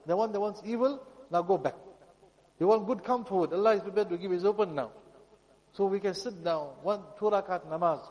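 A man preaching a pleading, emotional sermon that often drops to a soft voice. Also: high-pitched, long reverb tail, low-quality recording. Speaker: Islamic preacher.

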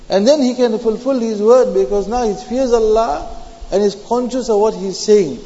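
A man delivers a sermon on Quranic commentary, repeating his key phrases and slipping Arabic terms into his English. His voice sits high yet mellow. The recording is dull and lo-fi, with a long reverb trailing off each line. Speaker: Islamic preacher.

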